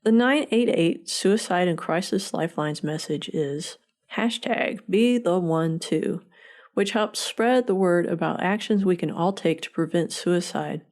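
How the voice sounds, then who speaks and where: A woman with a lowish voice delivers a scripted informational segment as the show's producer. She speaks in a measured, earnest manner. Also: a little mellow. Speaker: podcast producer.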